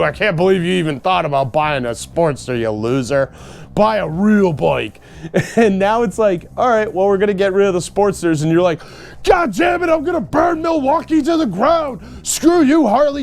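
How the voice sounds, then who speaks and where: Male vlogger, high voice with gravel, sarcastic animated rant, laughs often. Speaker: motorcycle vlogger. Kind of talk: ranting casual vlog.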